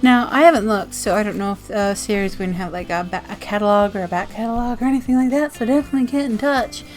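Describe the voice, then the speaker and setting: A woman's voice: mid-range voice, quick pace, faint music behind. Bubbly giggling woman vlogger. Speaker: zine reviewer vlogger. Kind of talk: casual chat, reading mail.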